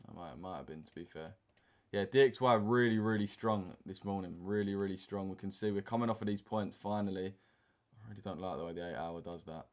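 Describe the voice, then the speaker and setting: Laid-back man, low voice. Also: a little fast. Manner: laid-back banter with slang, reading chat aloud. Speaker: trading stream host. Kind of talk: casual live-stream chat over charts. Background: keyboard typing and mouse clicks.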